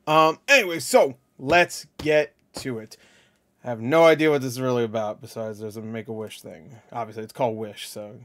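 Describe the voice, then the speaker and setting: A man's voice: mid-range voice, moderate pace, a bit bright. A man hosting a casual movie reaction, rambling and hesitant, often correcting himself mid-sentence.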